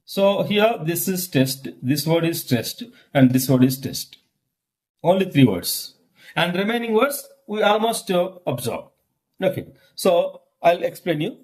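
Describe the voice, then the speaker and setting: A man with a Telugu accent, a native Telugu speaker teaching English word stress, slowly repeating each word for drilling and dropping "okay" between points. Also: high voice, big pitch swings, darkish tone. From India. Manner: slow, deliberate, repeats words for drilling. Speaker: English lecturer. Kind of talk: classroom lesson on word stress.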